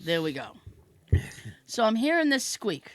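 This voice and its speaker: Animated, laughing woman telling a story. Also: a little high, unhurried, no room sound. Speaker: podcast host. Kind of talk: casual comedic storytelling.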